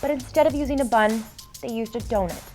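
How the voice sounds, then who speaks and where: A woman's voice: a little high, quick pace, darkish tone, faint music behind. A woman in a travel vlog, bubbly and upbeat. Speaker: celebrity vlogger.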